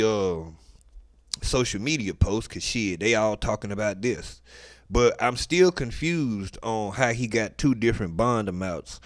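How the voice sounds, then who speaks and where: A man's voice: lowish voice, fairly bright tone, dry recording. A man giving profane, slang-heavy live commentary on a court video, emphatic and lecturing. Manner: emphatic, profane, slangy, keeps addressing the defendant as "boy". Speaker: online commentator.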